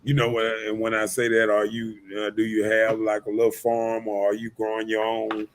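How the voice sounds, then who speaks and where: A man's voice: lowish voice, completely flat delivery, a little fast, a little hiss or hum. A man hosting a casual talk stream, rambling with lots of repeated words and fillers. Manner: rambling, repeats words, often says "you know what I'm saying". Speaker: host. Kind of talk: casual livestream chat.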